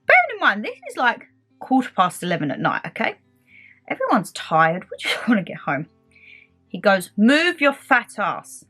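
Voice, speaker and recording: Young woman, casual storytime vlogger, fired-up and chatty, soft music bed. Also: medium pitch, moderate pace, slightly rough. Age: young adult. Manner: animated, indignant retelling with quoted back-and-forth. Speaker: beauty vlogger.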